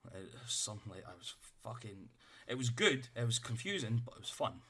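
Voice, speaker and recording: A man's voice: mid-range voice, very animated, brisk, pushed and bright, husky. A man running a tabletop game, chatting out of character in a rambling way and swearing freely. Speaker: game master. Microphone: streaming setup.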